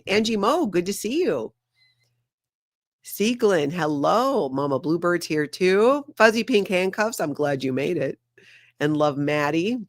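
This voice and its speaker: A woman's voice: on the low side, dry recording. Chatty woman in her fifties, dry sound. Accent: Hawaiian Pidgin, light. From Hawaii. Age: 50s. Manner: chatty, greets viewers by name, trails off mid-sentence. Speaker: livestream host. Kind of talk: casual live-stream chat.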